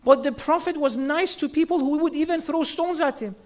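Speaking at normal speed, a religious speaker with a strikingly high voice gives his listeners an earnest sermon. Rhetorical questions and dramatized quotes drive home each of his points.

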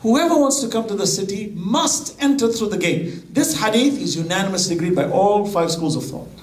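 A man's voice: high-pitched, animated, fairly quick. A man preaching a sermon, mixing Arabic quotations into his English. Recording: echoey hall.

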